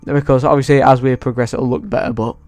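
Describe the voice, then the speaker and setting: Excitable male vlogger, casual and foul-mouthed, smooth mid-pitched voice. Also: fast talker, no room sound. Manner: excitable, swears freely. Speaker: YouTuber. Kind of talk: casual movie ranking vlog.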